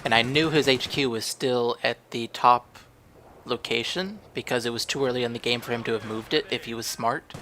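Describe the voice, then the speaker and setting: A young man with a bright, forceful voice talks through a strategy match he recorded. His commentary is casual and rambling, and he often questions his own moves aloud. Faint game gunfire plays under his voice. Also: medium pitch, fairly even intonation, moderate pace, slight background noise. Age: young adult. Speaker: gaming channel host. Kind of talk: gameplay commentary.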